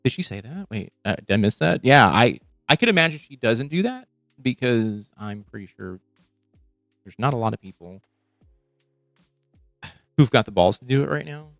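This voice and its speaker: A man's voice: medium pitch, lively intonation, normal speed, creaky, pauses often, a bit bright, no room sound, faint music behind. A young man on a live stream reacting to a podcast, swearing freely and muttering sarcastic asides. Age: young adult.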